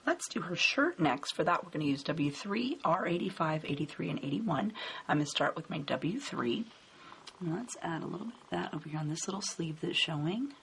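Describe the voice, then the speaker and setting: A woman with a low, slightly gravelly voice guides you through a coloring tutorial one stroke at a time. Her narration stays calm and unhurried. A faint hiss sits under the recording. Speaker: card-making instructor. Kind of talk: step-by-step coloring tutorial voice-over.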